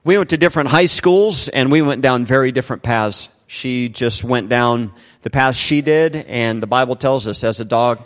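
A man's voice: mid-range voice, moderate pace, hardly any pauses. A middle-aged man preaching a sermon, earnest and emphatic, often asking the congregation rhetorical questions. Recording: long hall reverb.

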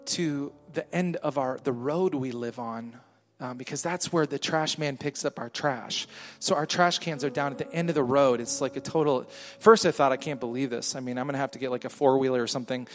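A man, a pastor, preaching a sermon with call and response to a congregation, swinging between loud shouting and quiet murmuring. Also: mid-range voice. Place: church hall with a congregation. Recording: live hall with long reverb and soft music.

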